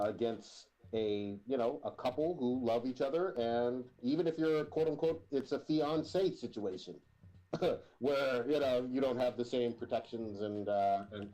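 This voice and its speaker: A man co-hosting a casual livestream podcast, speaking in a measured, wry way with chuckles. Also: mid-range voice, warm tone, rough recording. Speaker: podcast co-host.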